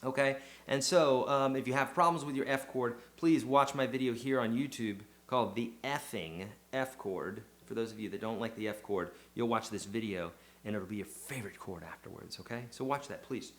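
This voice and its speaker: A man's voice: mid-range voice, moderate pace, hardly any pauses. A man teaching a casual guitar lesson, chatty and encouraging, counting beats aloud as he goes. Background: his own acoustic guitar playing.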